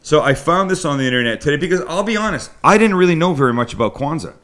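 A man's voice: fairly high pitch, expressive, fast, fairly bright tone. A man with a Canadian accent hosting a live cooking show, chatting loosely with his crew in a rambling, self-deprecating way. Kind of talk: casual live-stream chat. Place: home kitchen studio with crew.

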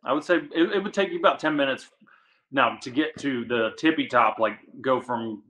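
A man from the Washington DC area, a guest angler, telling a story in casual chat, animated and full of "like". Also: medium pitch, poor audio. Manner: animated, fast, says "like" a lot.

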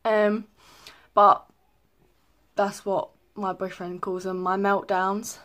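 A young woman talks casually to camera. She rambles and fills gaps with ums. Her pitch sits in an ordinary middle range. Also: flat delivery, slow pace, a bit bright. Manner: chatty, lots of ums, rambling. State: a little out of breath. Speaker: vlogger. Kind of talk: casual pregnancy update.

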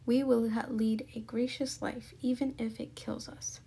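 A commanding, prim old spinster who barks orders at her sister, as a woman reads her in a storybook. The voice is gravelly and husky, dark rather than bright. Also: a little high, level tone, measured pace, exaggerated voice. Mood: bossy. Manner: commanding and prim, prone to shouting. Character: bossy, proper elderly spinster sister.

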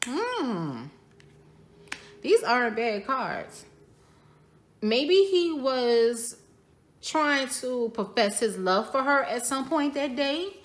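A woman's voice: high voice, sing-song, drawn-out words, long pauses. Woman casually narrating a tarot reading. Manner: conversational, speculative, repeats phrases, addresses viewers as y'all. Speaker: tarot reader.

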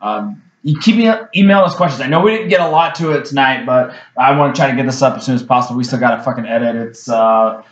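A man's voice: medium pitch, quick pace, hardly any pauses. Chill podcast host guy cussing while signing off, roomy muffled audio. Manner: laid-back, profane, lots of filler. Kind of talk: casual podcast chat. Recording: roomy, dull lo-fi sound.

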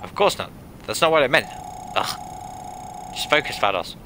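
A man's voice: mid-range voice, animated, moderate pace, background noise, pitched above the performer's own voice, lightly acted. A man voicing a bossy, scheming young woman from a video game in a raised, haughty voice. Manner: haughty and commanding. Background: game music.

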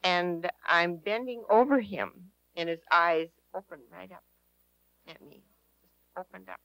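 A woman's voice: lowish voice, unhurried, a bit bright, dry recording, low-quality recording. A woman telling a personal testimony to an audience in an earnest, emphatic way, repeating her key phrases. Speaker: speaker at a prayer teaching session.

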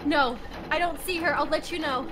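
A woman's voice: high voice, normal speed, heavy background noise. A young woman playing along in a gaming video, chatting casually and teasing her friend. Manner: playful, teasing. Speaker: gaming co-player. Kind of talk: casual gameplay chat.

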